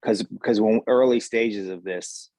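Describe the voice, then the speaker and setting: A man's voice: fairly low pitch, fairly even intonation, measured pace, a little mellow, no echo. A man with a New Jersey accent, a guest actor talking in a wry, joking, rambling way. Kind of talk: casual interview.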